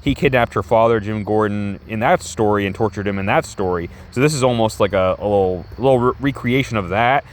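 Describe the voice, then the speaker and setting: A man's voice: lowish voice, a little fast, few pauses, a little hiss or hum. A man casually reviewing a comic book, rambling and enthusiastic with many restarts.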